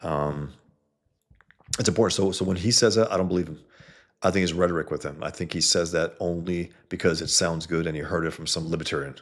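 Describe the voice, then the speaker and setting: A man's voice: low voice, steady tone, fairly quick. A man hosting a casual livestream, talking bluntly and profanely to his chat, rambling with frequent restarts. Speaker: livestream host reading chat. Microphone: computer mic, no headset.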